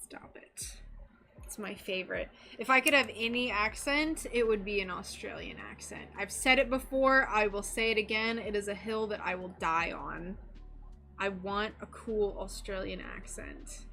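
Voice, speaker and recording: A woman's voice: mid-range voice, moderate pace, pushed and bright. A woman chatting casually with her live-stream audience while crafting, giggly and talking to her pet. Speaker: stained glass streamer.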